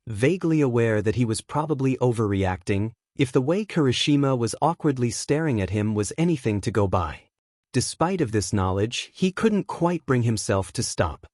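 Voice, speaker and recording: A man reading fan fiction aloud as narrator, in a steady storytelling manner. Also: mid-range voice, dry recording, clean studio sound.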